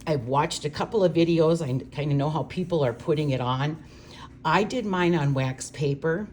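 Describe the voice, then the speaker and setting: An older woman from Minnesota, chatting warmly and gushing as she demonstrates card-making. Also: low-pitched, normal speed, slight background noise. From Minnesota, USA. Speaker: craft demonstrator.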